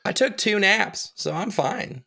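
Slightly hoarse woman, lively and slow. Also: medium pitch. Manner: giggly, joking. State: slightly hoarse, recovering from laryngitis. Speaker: podcast co-host. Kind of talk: casual chat.

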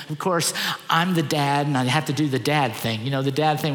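A middle-aged man, a pastor, giving an animated, conversational sermon with lots of repeated phrases. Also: fairly high pitch. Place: church auditorium. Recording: echoey church hall.

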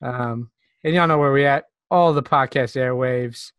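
A man's voice: mid-range voice, measured pace, fairly bright tone, clear, resonant tone, no echo, clean studio sound. A man from South Carolina co-hosting a podcast in a playful, slangy, hyped-up way. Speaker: podcast co-host. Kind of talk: casual chat.

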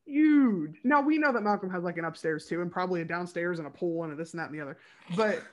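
A woman's voice: on the low side, rapid-fire, a bit bright. Chatty enthusiastic woman podcast co-host. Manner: chatty and enthusiastic, many "like" fillers. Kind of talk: casual fan chat reviewing a TV episode.

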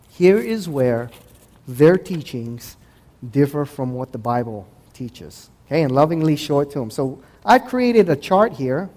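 A man giving a conversational talk to an audience as a host and Christian apologetics speaker, acting out past dialogues in quick voices. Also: on the high side, dark tone. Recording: echoey hall with long reverb.

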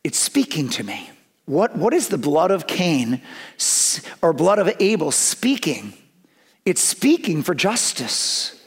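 A man's voice: sits high, big pitch swings, slow, breathy edge. A man preaching a sermon, earnest and conversational, speeding up in his asides. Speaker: pastor.

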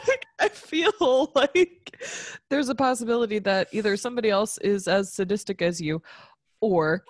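A woman's voice: mid-range voice, lively intonation, normal speed, no echo, clean studio sound. A woman co-hosting a casual chat, tipsy and rambling off on giggly tangents. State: tipsy from tequila. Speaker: podcast co-host.

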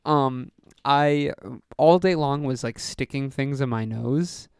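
A young man with a smooth, resonant voice tells a story in relaxed podcast chat, peppering it with "like" and acting out the other people in it. The recording is close and dry, with no room sound. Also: medium pitch, takes it slowly, no room sound. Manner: storytelling with acted-out quotes and frequent "like". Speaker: podcast co-host. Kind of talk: casual chat, telling a school story.

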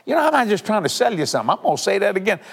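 An older man, preaching and praying on a televised sermon, fervent and emphatic, repeating lines for effect and swinging between loud declarations and hushed, earnest asides. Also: high-pitched, big pitch swings, racing, slightly rough, big-room sound.

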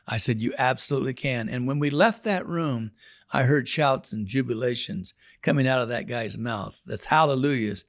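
A man's voice: mid-range voice, normal speed, no echo, clean studio sound. Earnest man sharing his testimony. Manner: earnest, emphatic storytelling with repeated words. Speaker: inmate leading a prison Bible study. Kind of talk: spoken testimony.

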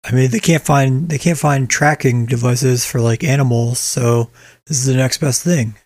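A man's voice: mid-range voice, normal speed, a little mellow, dry recording. A man co-hosting a casual chat, blunt and sardonic, swearing heavily. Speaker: podcast co-host.

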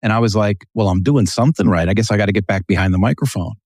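A man on a podcast tells business anecdotes with animation, acting out the lines of the people in his stories. His voice sits on the low side, and the recording is dry and close. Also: fast, dry recording. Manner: storytelling, animated, acts out quotes. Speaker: podcast guest, business trainer. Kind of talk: casual podcast interview.

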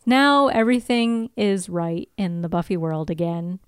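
A woman's voice: fairly low pitch, lively intonation, unhurried, smooth, no room sound, studio quality. A young woman co-hosting a podcast, recapping an episode in casual chat and laughing often. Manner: laughs often, retells scenes with quoted lines. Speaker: podcast co-host.

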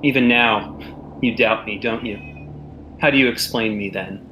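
A man's voice: lowish voice, moderate pace, pushed and bright, a little hiss or hum. A man voicing an ancient, menacing sphinx that snarls its words through gritted teeth. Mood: scornful.

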